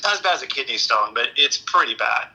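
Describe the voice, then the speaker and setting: Husky, bright-voiced man telling crude stories. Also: medium pitch, animated, quick pace, low-quality recording. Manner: profane, rambling anecdotes with restarts. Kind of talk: casual storytelling chat.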